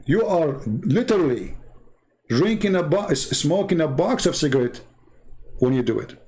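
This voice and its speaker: His fairly high, darkish voice has a sing-song quality and normal speed. The man, an online commentator from the Arab Middle East, gives a mocking, emphatic sarcastic monologue to camera, heavy with rhetorical questions.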